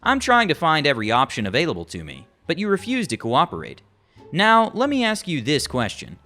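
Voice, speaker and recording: A man's voice: mid-range voice, bright, forceful tone. A man voicing a firm polite desk clerk. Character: calm firm male hotel front desk supervisor.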